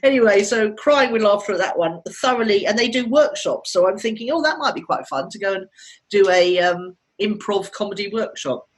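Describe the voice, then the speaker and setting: A woman's voice: medium pitch, lively intonation, brisk, low-quality recording. Podcast co-host, woman in her fifties, chatty storyteller who laughs easily. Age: 50s. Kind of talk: casual chat.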